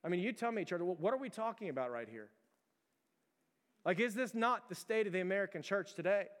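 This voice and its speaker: High-voiced man preaching in a reverberant hall. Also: expressive, a little fast. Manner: conversational, fillers, rhetorical questions to the congregation. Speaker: pastor. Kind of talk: sermon.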